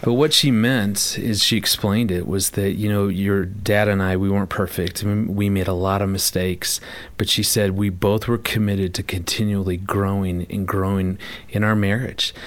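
A man hosting a conversation, telling a family story in a lively way and acting out the voices in it. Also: lowish voice, normal speed. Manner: animated storyteller, acts out quoted voices. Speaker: host. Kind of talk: casual chat.

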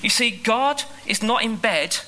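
Bright, animated male preacher. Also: sits high, rough recording. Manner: animated, emphatic, shifts between quick asides and slow stressed lines. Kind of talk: sermon. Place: school hall.

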